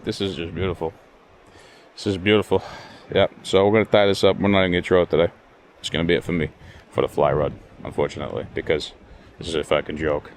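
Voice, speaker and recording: Man, very low voice, cursing fishing vlogger, outdoors with faint background noise. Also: steady tone, fast talker. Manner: grumbling, frustrated, profane muttering to himself. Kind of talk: casual solo commentary. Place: outdoors by cold water.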